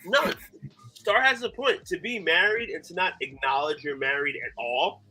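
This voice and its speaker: A man co-hosting a casual podcast, his voice bright and a touch high. He talks in a laid-back way and laughs as he speaks. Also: normal speed, rough recording. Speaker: podcast co-host.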